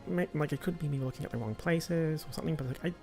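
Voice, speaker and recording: A man's voice: a little high, quick pace, creaky, darkish tone, faint music behind. A man streaming a video game, rambling with lots of hesitations and fillers. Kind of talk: casual gameplay livestream commentary.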